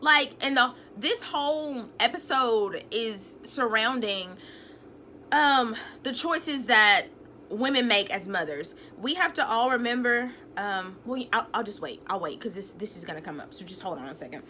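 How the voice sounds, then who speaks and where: A woman's voice: a little high, expressive, a little slow, pushed and bright, slight background noise. Sassy, chatty woman recapping a show. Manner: chatty, sassy, retells scenes acting out quotes. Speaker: TV recap vlogger. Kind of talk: casual TV episode recap.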